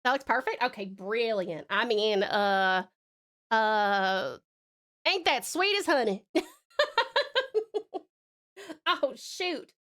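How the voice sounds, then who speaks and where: A woman with an Australian accent, chatting casually on a live art stream, laughing often and muttering softly as she draws. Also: medium pitch, expressive, slow pace, long pauses. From Tasmania, Australia. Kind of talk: casual live-stream chat while drawing.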